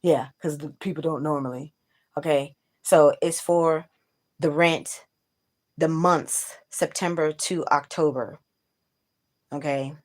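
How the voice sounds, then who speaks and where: A woman's voice: sits low, steady tone, slow pace, long pauses. A woman hosting a casual livestream, venting bluntly to her viewers with plenty of profanity. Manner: talks straight to viewers. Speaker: livestream host.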